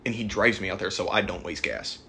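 A man's voice: deep voice, fairly quick, pushed and bright, a little hiss or hum. A young man from the United States in a casual podcast chat with friends, joking and swearing with dry comebacks.

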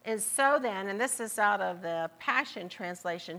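Southern woman preacher, mid pitch, slow emphatic repeats, sermon delivery. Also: animated, bright, forceful tone. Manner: repeats phrases, drawn-out emphatic words.

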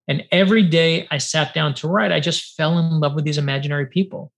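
A middle-aged man from New York, an author guest telling lively stories in a podcast interview over a video call, acting out the dialogue he recalls. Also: on the high side, fairly quick, hardly any pauses. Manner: lively, acts out quoted dialogue, many fillers of 'like'. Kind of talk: animated storytelling in a podcast interview.

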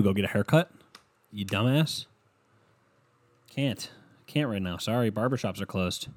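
Low-voiced man ranting on his podcast. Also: lively intonation, unhurried. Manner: profane, rambling, self-mocking. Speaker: podcast host. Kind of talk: casual solo podcast rant. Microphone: headset.

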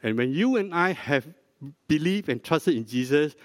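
An older man, a pastor, preaching a sermon in a slow, deliberate teaching manner, prompting the congregation with questions. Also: on the high side, lively intonation. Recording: dry close mic with long hall reverb.

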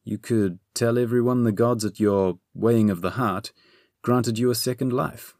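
In a storybook reading, a man voices a cheeky, chatty young hero with a scheming streak, pitching his natural mid-range voice above his own. The delivery is breezy, chatty, and upbeat at a moderate pace, slightly mellow, and recorded clean with no echo.

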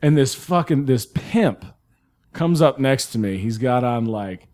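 Animated man telling stage stories. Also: medium pitch, measured pace. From American South. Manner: animated, acts out voices in anecdotes, swears. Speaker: guest comedian. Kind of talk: casual storytelling chat.

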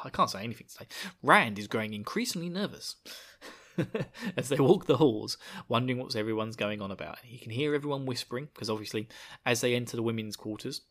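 A man's voice: fairly low pitch, a bit bright. Male podcast host, jokey, rambling casual talker. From United Kingdom. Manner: rambling, jokey, laughs at own jokes. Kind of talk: casual chat.

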